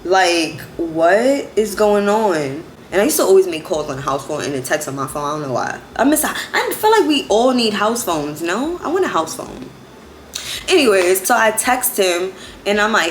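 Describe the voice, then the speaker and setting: A young woman in her twenties tells a story in a chatty, animated way. Her voice swings widely up and down, and she sounds like she is in an echoey room. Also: medium pitch, normal speed, slight background noise. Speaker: vlogger. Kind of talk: casual storytime.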